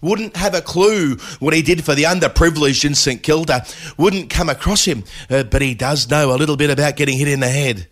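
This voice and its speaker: A man's voice: fairly high pitch, a little fast, hardly any pauses, fairly bright tone, voice pushed up. A man doing a comic impression of a cricket commentator, wry and mocking with rambling asides. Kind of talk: comic impression in a podcast chat.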